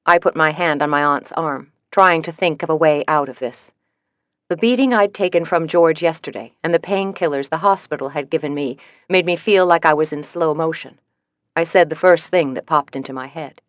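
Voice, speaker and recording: A woman narrating a first-person mystery audiobook in a measured, even storytelling manner. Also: low-pitched, no room sound, muffled recording.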